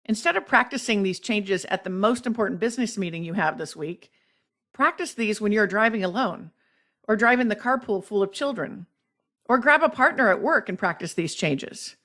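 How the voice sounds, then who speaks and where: A woman podcast host reading a scripted explanation of speech tips in a measured, instructive way. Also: medium pitch, animated, a bit bright.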